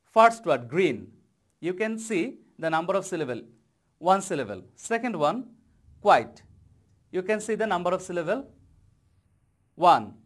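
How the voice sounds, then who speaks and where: A man with a Bangladeshi accent teaching an English lesson, explaining slowly and leaning hard on key words. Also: high-pitched, big pitch swings. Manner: slow, deliberate explaining with stressed key words. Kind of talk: televised classroom lesson.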